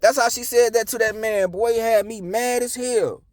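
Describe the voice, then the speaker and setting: A man's voice: very high-pitched, fairly even intonation, normal speed, no echo, studio quality. A young man, talking in a blunt, profane, preachy casual monologue. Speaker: commentator.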